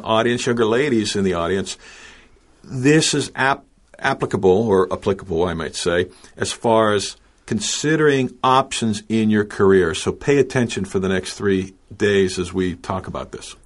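A man's voice: medium pitch, measured pace. Upbeat man co-hosting radio. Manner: upbeat, animated, playful. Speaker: radio show co-host.

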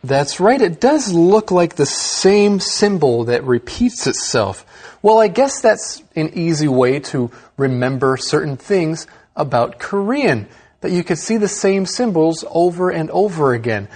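A man's voice: on the high side, sing-song, a little slow, a little mellow. Upbeat male English-lesson co-host. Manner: explaining, upbeat teacher tone. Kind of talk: scripted educational chat.

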